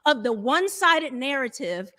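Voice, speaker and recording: A woman's voice: high-pitched, big pitch swings, moderate pace, pushed and bright. A woman, a dating coach, arguing in a heated debate, defensive and talking over others.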